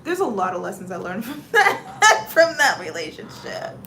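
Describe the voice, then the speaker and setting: A woman's voice: mid-range voice, normal speed, a little hiss or hum. A woman with a Southern US accent hosting a casual livestream chat, telling stories with dramatic exclamations and reading out viewer comments. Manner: animated storyteller with dramatic exclamations. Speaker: livestream host.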